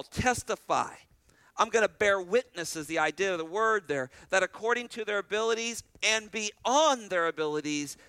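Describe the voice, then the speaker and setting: A man preaching a sermon as pastor, animated, repeating phrases and restarting lines as he drives each point home. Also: on the high side, smooth, no echo.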